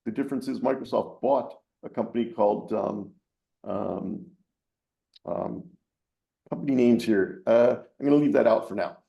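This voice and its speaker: A man's voice: medium pitch, moderate pace, creaky, dark tone, roomy sound, lo-fi sound. A man giving a webinar answer as keynote speaker, hesitant with many ums.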